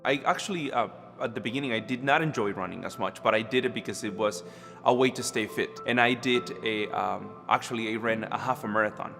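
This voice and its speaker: A man's voice: mid-range voice, fairly quick, vocal fry, fairly bright tone. A man from Costa Rica, earnestly telling his own story at a church service with frequent restarts. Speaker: church member sharing a testimony. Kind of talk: personal testimony at a church service. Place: church auditorium. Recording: long hall reverb with music under.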